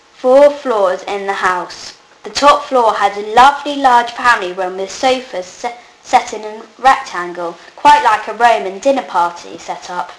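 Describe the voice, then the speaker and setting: Woman reading her own story aloud. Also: medium pitch. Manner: plain reading with small slips and restarts. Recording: echoey room, faint noise.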